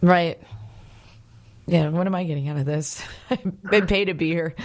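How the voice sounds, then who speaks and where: An American woman hosting an interview in a chatty, giggly, relaxed way. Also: fairly low pitch, normal speed. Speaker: interview host. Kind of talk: casual interview chat.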